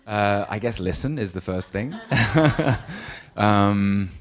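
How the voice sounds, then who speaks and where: A man with a very deep voice answers interview questions, pausing on ums as he thinks. He tells stories with relaxed ease and breaks into laughter readily. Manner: thoughtful, hesitant with ums, laughs easily. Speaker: actor, interview guest. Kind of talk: relaxed anecdote and advice in an on-stage interview.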